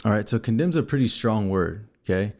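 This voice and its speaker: A middle-aged man co-hosting a faith-based conversation, explaining scripture in a relaxed, chatty way and laughing often. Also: lowish voice, a little fast. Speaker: co-host. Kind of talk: faith-based casual chat.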